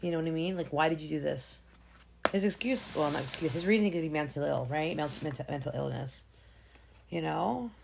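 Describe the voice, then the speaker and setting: A woman's voice: low-pitched, a little fast, vocal fry, background noise. A woman in her thirties co-hosting a podcast, chatting casually and acting out the people in her stories. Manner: animated storyteller who acts out quoted voices. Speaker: podcast co-host. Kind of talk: casual chat.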